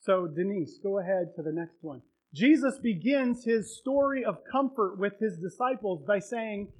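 A male pastor preaching a sermon, retelling a story with emotion and building to loud, heartfelt peaks. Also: high voice, moderate pace, hardly any pauses, rough recording.

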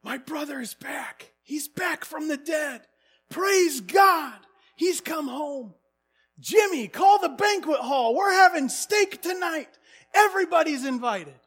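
A man voicing an overjoyed young man who shouts his joy out loud. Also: very high-pitched, lively intonation, takes it slowly, faint music behind, voice pushed up, full character voice. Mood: ecstatic. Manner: shouting, ecstatic.

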